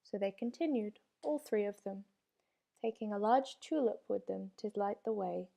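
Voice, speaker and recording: A woman reading a children's storybook aloud with steady, expressive narration. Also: medium pitch, creaky. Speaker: reader.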